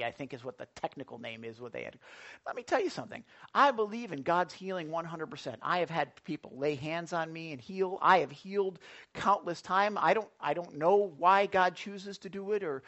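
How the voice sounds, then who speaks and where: A man preaching a sermon in a broadcast Bible teaching, excitable, jumping from loud exclamations to hushed asides. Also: sits high, moderate pace.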